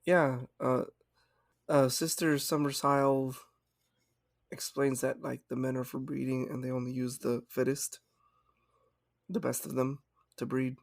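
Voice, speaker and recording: A man hosting a casual film podcast, explaining haltingly and laughing often. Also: mid-range voice, flat delivery, creaky, dry recording, studio quality. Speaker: podcast host.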